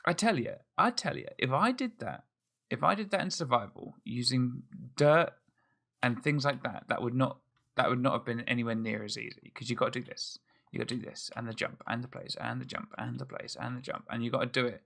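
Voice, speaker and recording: A man with a bright, edgy tone and a gravelly rasp running through his voice chats his way through a game. He thinks out loud and pokes fun at himself as he builds. He speaks at a middle pitch. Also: brisk. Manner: chatty, self-mocking, thinks aloud. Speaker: let's play host. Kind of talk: casual gameplay commentary.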